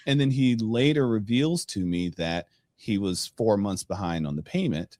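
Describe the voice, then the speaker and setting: A middle-aged man hosting a podcast, telling a personal story in a casual, animated way and acting out the dialogue. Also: lowish voice, normal speed, few pauses, no room sound. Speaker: podcast host.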